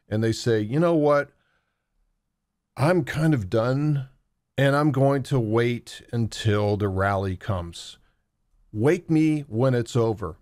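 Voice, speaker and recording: A man giving conversational crypto market commentary over charts, acting out what traders say in animated asides. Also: medium pitch, dry recording, studio quality.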